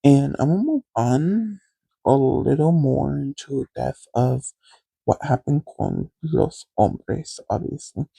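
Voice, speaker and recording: A man's voice: mid-range voice, animated, slow, vocal fry, dark tone, husky, no echo. A young man, hosting a podcast and telling a sassy, profane story about his past with dramatic quoted voices, recorded on a phone. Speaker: podcast host. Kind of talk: casual storytelling monologue.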